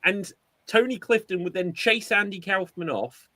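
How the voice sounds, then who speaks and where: A man co-hosting a casual podcast chat, telling an animated story and acting out quotes. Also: high voice, moderate pace, dry recording. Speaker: podcast co-host.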